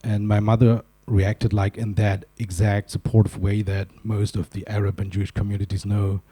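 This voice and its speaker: A German man gives a comic keynote talk in a conference hall, trading in wry, self-mocking stories and side remarks. His lowish voice is mellow with a breathy edge, delivered flatly at normal speed.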